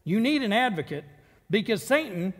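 A man's voice: high voice, big pitch swings, normal speed. A man preaching a sermon in a church, reading scripture in an earnest, conversational way. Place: church sanctuary. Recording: long reverb of a church hall.

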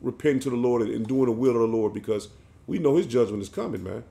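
A man's voice: mid-range voice, fast, vocal fry, warm tone. A man preaching an emphatic sermon, often ending his phrases with "man". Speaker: street preacher.

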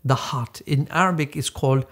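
Patient male host of a kids' lesson show, slightly high voice, drills sounds. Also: moderate pace, a bit bright, slightly rough. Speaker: teacher. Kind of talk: children's puppet show lesson.

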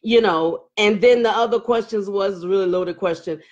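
Through dull-sounding audio, a middle-aged woman with a medium-pitched voice talks at a moderate pace as she hosts a casual live stream. Reading viewer comments, she laughs, bursts out emotionally, and speaks with Southern Black vernacular phrasing in an animated manner.

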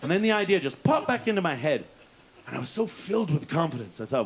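A man's voice: fairly high pitch, very animated, a little fast, background noise. A man doing a stand-up comedy set, rambling through an absurd, self-mocking story. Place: comedy venue, live audience. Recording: live comedy show with loud audience laughter.

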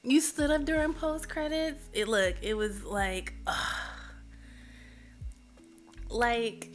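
A woman live streamer chatting casually with her viewers, emotional and expressive. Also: fairly high pitch, slow pace, pauses often, faint music behind.

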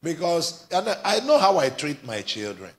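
A man's voice: a little high, sing-song, moderate pace. A male pastor, preaching a live church sermon and drawing call-and-response from the congregation. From Nigeria. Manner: exhorting, climbs to fervent shouting, prompts replies. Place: church service before a congregation.

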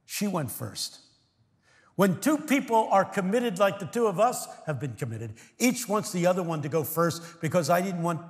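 An older American man preaching a sermon, telling stories with sudden swings from hushed words to shouts and acting out voices of his congregation. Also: a little high. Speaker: guest preacher. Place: large church. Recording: long reverb of a large church hall.

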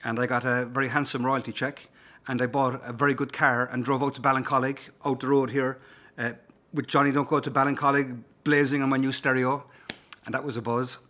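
A singer-songwriter with a Cork Irish accent, chatting loosely and telling anecdotes between songs, with plenty of "um" and "uh". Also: male voice, medium pitch, flat delivery, a little fast, sharp tone. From Cork, Ireland. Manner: rambling, easygoing anecdotes with filler words.

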